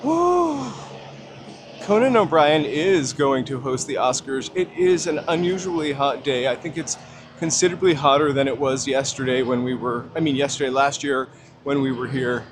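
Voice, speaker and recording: A man talks casually to his viewers while walking outdoors, his voice sitting at an ordinary middle pitch. He rambles and makes self-deprecating asides. Street noise and passing traffic are clearly heard around him. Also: steady tone, normal speed. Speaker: livestream host. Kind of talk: casual walking livestream chat. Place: outdoors on a busy city street. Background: street ambience and passing traffic.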